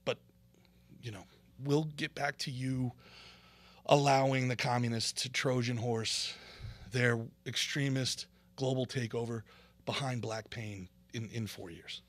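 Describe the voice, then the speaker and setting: A man hosting a political commentary stream, ranting in a sarcastic, animated way and reading viewer comments. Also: mid-range voice, measured pace, no room sound. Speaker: show host.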